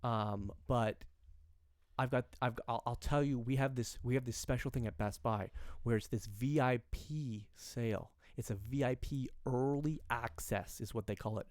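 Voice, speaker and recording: In a studio-quality recording with no room sound, this young podcast co-host chats casually through a meandering story. His medium voice has a darkish tone at normal speed, and he keeps restarting and voicing the characters he quotes.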